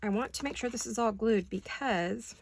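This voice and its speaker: A paper craft vlogger talks to camera while making things in her home studio. Her slightly high voice moves at a moderate pace as she thinks aloud, chats casually with viewers, and laughs easily.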